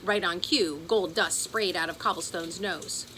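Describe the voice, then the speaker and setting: A woman reading a children's chapter book aloud in an expressive storytelling voice. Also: fairly low pitch, measured pace, slight background noise, low-quality recording. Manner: expressive, does character voices. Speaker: audiobook narrator.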